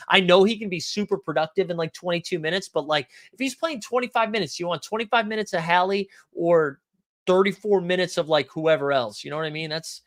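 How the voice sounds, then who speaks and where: A man fires off quick, profane takes as he hosts a live stream and answers viewer questions. His voice sits a little high for a man. The recording is dry and close, with no room echo. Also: fairly bright tone. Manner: fast-talking, says so himself; loose and profane, hedging picks aloud. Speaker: fantasy sports streamer host.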